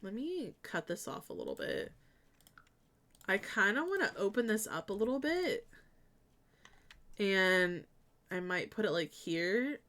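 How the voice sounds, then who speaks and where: A woman's voice: mid-range voice, unhurried, pauses often. Chatty giggly young woman streamer. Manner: chatty, giggly, bursts of excitement. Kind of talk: casual stream chat while building in a game.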